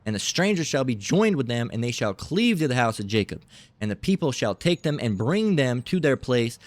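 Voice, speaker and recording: A man's voice: mid-range voice, no room sound. A man commentating and reading aloud in a combative way, repeating himself, swearing freely and keeping on asking "all right?". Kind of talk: heated commentary and bible reading.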